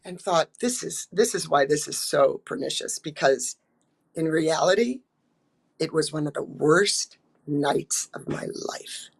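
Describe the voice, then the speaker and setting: An older American actress telling stories in a casual interview, chatty and full of ums and restarts, acting out quotes. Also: female voice, low-pitched, animated, measured pace, gravelly, husky.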